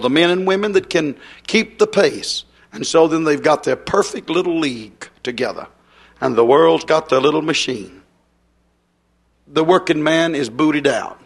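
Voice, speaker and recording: Man, preacher, fiery revival sermon, folksy, emphatic, slightly high pitch.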